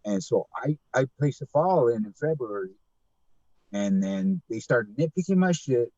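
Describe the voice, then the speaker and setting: Profane, animated man telling a story. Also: medium pitch, moderate pace, dry recording. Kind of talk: casual chat. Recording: dull lo-fi podcast mic.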